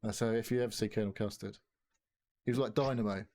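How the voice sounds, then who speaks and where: A man's voice: lowish voice, fairly even intonation, quick pace, darkish tone. A man telling a long story on a casual podcast, rambling and swearing freely. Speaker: podcast co-host. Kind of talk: casual chat.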